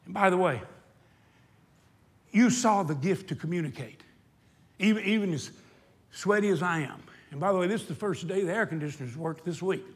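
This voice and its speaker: A man preaching a sermon, telling stories with passion and slowing down for emphasis. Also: high-pitched. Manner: impassioned storytelling, slowing for emphasis. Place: hot indoor meeting hall.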